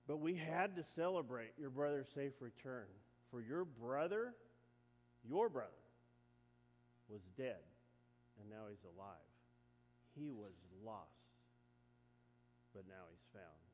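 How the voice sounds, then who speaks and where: A man's voice: mid-range voice, expressive, slow pace, long pauses, darkish tone. A man voicing a loving, overjoyed father, in a reverberant hall. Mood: tender. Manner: urgent commanding, then tender. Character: loving, joyful older father. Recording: echoey hall.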